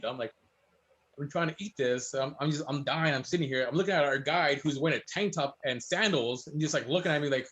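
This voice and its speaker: A man speaking quickly in a slightly high voice, chatting casually as a guest chef. He tells lively stories and acts out the voices of people he quotes. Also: muffled recording. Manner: fast, storytelling, animated quotes. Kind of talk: casual chat.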